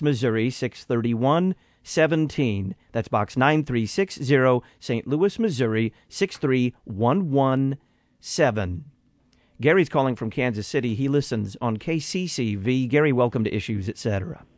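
A man hosts a call-in radio show and introduces callers in a brisk, announcer-like way. His voice is mid-range. The dry studio sound keeps him close. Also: mid-range voice, animated, a little mellow, dry recording. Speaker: radio host.

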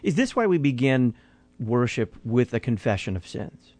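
A man hosting a call-in radio show, reading out addresses and introducing callers in a brisk, announcer-like way. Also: medium pitch, big pitch swings, a little mellow, no echo. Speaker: radio host.

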